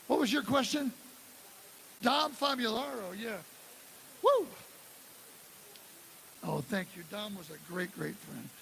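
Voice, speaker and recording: A man in his sixties from the Detroit area, telling animated stories at a live drum clinic in a music store. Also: sits high, vocal fry. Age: 60s. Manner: animated storyteller who acts out quotes and scats drum parts. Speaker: guest drummer giving a clinic. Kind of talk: live clinic talk and storytelling. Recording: live room with steady hiss.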